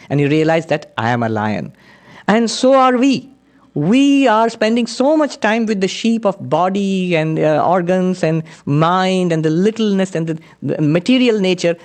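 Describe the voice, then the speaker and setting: A man delivers a spiritual lecture in an earnest, storytelling manner, his voice sitting a little high for a man. He moves between teaching, anecdotes and slow chanted Sanskrit verses. Plain, unhurried lecture delivery. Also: animated, a little mellow.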